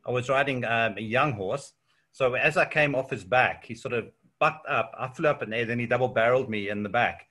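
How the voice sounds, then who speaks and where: South African man, interview guest, bright voice, relaxed filler-laden storytelling. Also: medium pitch, a little fast. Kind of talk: casual chat.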